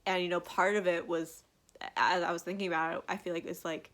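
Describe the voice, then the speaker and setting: A woman's voice: fairly low pitch, flat delivery, a little fast, a bit bright. A young woman in her twenties gushing in a casual live reaction vlog. She talks with lots of fillers and laughs, teary and close to crying. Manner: gushing, filler-heavy, emotional, breaks into laughs. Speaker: vlogger reacting to an album.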